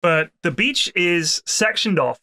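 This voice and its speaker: A middle-aged man from the UK tells holiday stories to his co-hosts, swearing freely and acting out the people he met. His voice sits a little high and sounds bright. The sound is close and dry. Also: slow, dry recording. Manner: animated, swears freely, acts out people in anecdotes. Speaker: podcast co-host. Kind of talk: casual storytelling chat.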